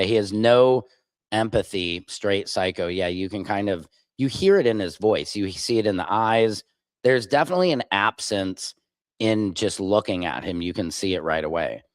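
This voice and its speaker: Male stream host, low voice, blunt opinionated reaction commentary, dry mic. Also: dry recording.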